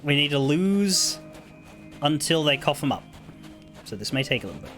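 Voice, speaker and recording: A man's voice: fairly high pitch, sing-song, moderate pace, fairly bright tone, soft background music. A man streaming a video game, thinking aloud in chatty commentary and swearing freely. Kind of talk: casual gameplay commentary.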